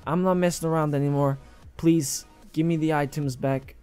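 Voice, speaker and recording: A man's voice: fairly high pitch, steady tone, normal speed, dark tone, clean tone, soft background music, natural voice. A man impersonating a male gamer pleading to get his scammed items back.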